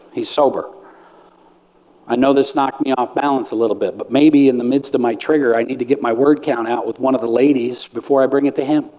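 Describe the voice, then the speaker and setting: A man's voice: mid-range voice, dark tone. A middle-aged man giving a blunt, earnest conference talk on recovery, sometimes acting out what others say. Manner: earnest, blunt, pastoral, acts out quoted lines. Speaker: conference speaker. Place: conference hall. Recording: hall reverb.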